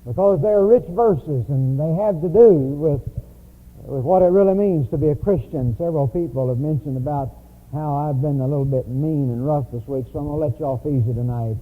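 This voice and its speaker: Through thin, phone-quality lo-fi audio, a fairly high-pitched man speaks at a fairly fast clip. He's giving a sermon in church, relating stories in a relaxed, conversational manner.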